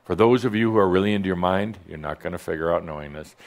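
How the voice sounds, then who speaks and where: Before a live audience, a low-voiced, fast-talking man gives a playful spiritual talk. He teases and jokes, leads the crowd in call-and-response, and often laughs mid-phrase.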